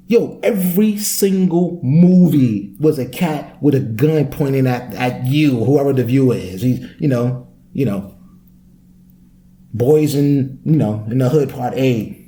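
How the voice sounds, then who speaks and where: A man hosting a solo podcast, ranting in an animated, profane way and firing off rhetorical questions. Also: mid-range voice, a little slow. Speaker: podcast host.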